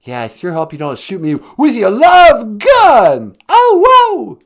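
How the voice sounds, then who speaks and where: A man putting on a loud, showy impression of a flamboyant male rock singer. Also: very high-pitched, wildly swooping pitch, takes it slowly, voice pushed up, exaggerated voice.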